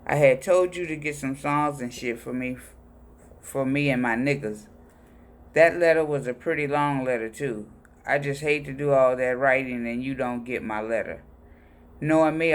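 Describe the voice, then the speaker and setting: A man reading personal letters aloud in a plain, unhurried voice. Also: mid-range voice, a bit bright. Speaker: reader of letters.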